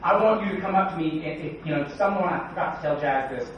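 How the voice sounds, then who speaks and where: An energetic man gives a keynote at a conference, joking and firing questions at the crowd. His voice sits a little high for a man and reaches the mic from a distance. The sound is dull and rings through a big, echoey hall. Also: fast talker, a little hiss or hum. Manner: joking, energetic, quizzes the audience. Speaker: conference speaker. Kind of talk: keynote talk.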